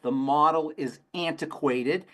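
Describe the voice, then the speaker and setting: A male pharmacist with a fairly high, fairly bright voice talks a little slowly while answering callers' health questions. His style is emphatic, with repeated phrases and folksy stories.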